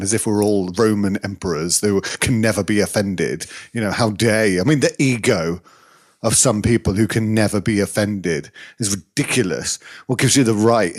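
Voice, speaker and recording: Ranting man with a lowish voice. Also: normal speed. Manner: indignant ranting, sarcastic mock quotes. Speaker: podcast co-host. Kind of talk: casual chat.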